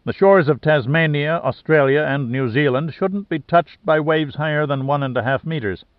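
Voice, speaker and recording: A man reading the part of a precise, measured male scientist giving a technical briefing. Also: a little high, no room sound, natural voice. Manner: precise, explanatory. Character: measured male volcano scientist, matter-of-fact. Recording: dry, slightly dull lo-fi sound.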